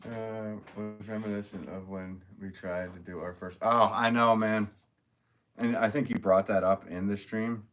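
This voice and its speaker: A man with a notably low voice hosts a casual live stream and reads viewer comments aloud. He is upbeat and chatty, laughs often and thanks people warmly. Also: fairly even intonation, moderate pace, few pauses, slight background noise. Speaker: potter hosting a live stream.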